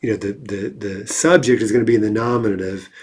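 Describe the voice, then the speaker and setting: A man teaching a language lesson, working through grammar exercises in a conversational way, reading example sentences slowly and often checking in with "right?". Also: on the low side, fairly even intonation, darkish tone.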